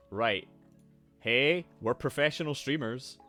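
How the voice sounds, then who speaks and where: A young man hosting a casual live stream, excitable, swearing freely and greeting his chat. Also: fairly low pitch, a little slow, pauses often. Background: faint lo-fi music.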